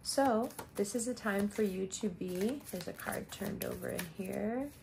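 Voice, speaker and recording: A woman reading tarot for her audience in a loose, conversational way. She talks directly and repeats key phrases to drive a point home. Her voice sits at a middle pitch, with a faint hum of noise behind it. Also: unhurried, gravelly. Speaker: tarot reader. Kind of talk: casual astrology reading.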